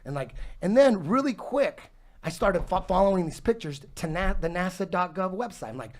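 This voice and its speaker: A man in his forties tells a rambling story at a loose, animated clip, peppering it with swearing and laughter. His voice sits a touch high for a man, and the talk is casual and unscripted. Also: normal speed. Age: 40s. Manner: profane, animated, laughs while telling. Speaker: podcast guest telling a story.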